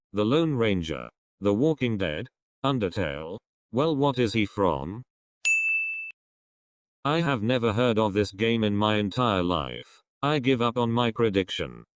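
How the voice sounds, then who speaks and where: Deadpan man, dry close sound. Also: fairly low pitch, no room sound. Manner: deadpan mock-serious delivery. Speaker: video commentator. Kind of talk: comedic prediction monologue.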